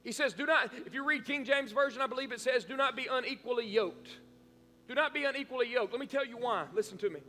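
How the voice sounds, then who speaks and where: A man's voice: very high voice, quick pace, bright, forceful tone, soft background music. Male pastor mid-sermon, emphatic and repetitive; long church reverb behind him. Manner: emphatic preaching, repeats phrases for emphasis. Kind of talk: live-streamed sermon. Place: church sanctuary.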